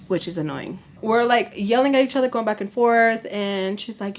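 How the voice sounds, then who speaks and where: A young woman from Texas telling a casual storytime, blunt and animated, swearing and saying "like" a lot. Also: a little high, moderate pace, few pauses, slight background noise. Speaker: storytime vlogger.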